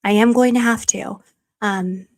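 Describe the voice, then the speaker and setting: A woman's voice: medium pitch, steady tone, a little slow, a little mellow. A woman hosting a livestream, chatting casually to her viewers, gushing and emotional, rambling with many restarts. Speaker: livestream host.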